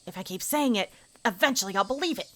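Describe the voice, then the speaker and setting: A woman doing a prim little girl, high and bright. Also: animated, fast talker. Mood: forced cheer. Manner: prim, polite speech. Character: bratty prim little girl putting on a brave face. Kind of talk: reading a visual novel aloud.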